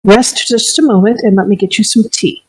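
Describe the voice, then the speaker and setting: Woman as a gentle, consoling fortune teller. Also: medium pitch, husky, natural voice, rough recording. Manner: soft, measured, consoling.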